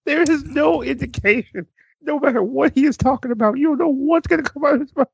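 A man co-hosting a casual wrestling stream, blunt and profane, quick to get excited. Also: very high-pitched, creaky, no echo, highs cut off. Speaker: stream co-host.

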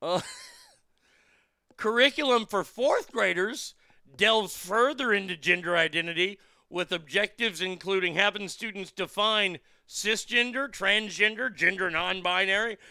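Reading stories on his show, a man with a bright, high voice and a gravelly edge mocks them crudely and profanely, laughing as he goes. The recording is close and dry, with no room around it and no echo.

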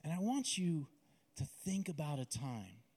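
A man preaching a sermon and guiding listeners through a visualization, with a slow, intimate, dramatic delivery. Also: fairly high pitch, big pitch swings, warm tone, breathy edge.

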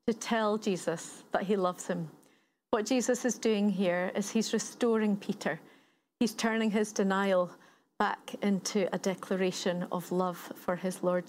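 A woman's voice: mid-range voice, darkish tone, slight background noise. A woman giving a sermon, retelling a story in a conversational way and building points through repetition. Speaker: preacher.

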